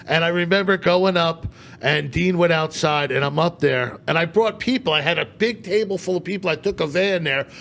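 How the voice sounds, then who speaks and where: Comedian guest, male, high gravelly voice, animated storyteller who acts out his quotes. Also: normal speed. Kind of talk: casual podcast storytelling.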